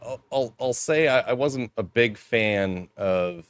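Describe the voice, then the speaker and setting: A man's voice: mid-range voice, expressive, takes it slowly, no echo. A man in a casual film discussion, rambling in an easygoing way. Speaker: podcast panelist.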